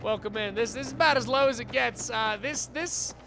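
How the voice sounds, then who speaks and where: A woman's voice: fairly high pitch, brisk, background noise. Profane, ranting woman streamer. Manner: stammering restarts. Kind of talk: live gameplay commentary.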